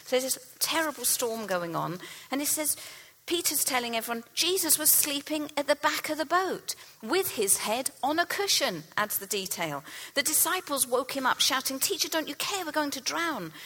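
A woman preaching a sermon, retelling a Bible story with earnest storytelling and dropping to a soft hush for key lines. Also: a little high, poor audio.

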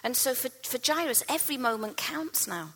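A woman preaching a sermon, retelling a Bible story with earnest storytelling and dropping to a soft hush for key lines. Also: sits high, animated, fairly quick, breathy edge, poor audio.

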